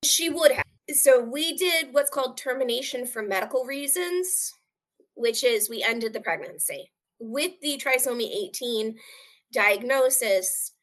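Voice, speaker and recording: Woman, interview guest with a fairly high voice, sharing a hard personal story in an earnest, open way. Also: a bit bright. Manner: earnest, acts out quoted voices.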